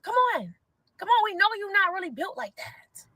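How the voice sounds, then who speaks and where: Young girl venting on her vlog, high pitched, swearing, sassy, dry close mic. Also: normal speed, dry recording, rough recording. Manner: loud, sassy, animated, swears a lot. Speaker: content creator reacting to a diss video. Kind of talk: ranting reaction vlog.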